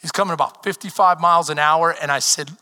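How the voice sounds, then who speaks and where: A man preaching a sermon as pastor, telling stories with animation and building to shouted calls to the congregation. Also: on the high side, fast talker. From Texas. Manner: animated storytelling, rising to shouted exhortation. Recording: long hall reverb.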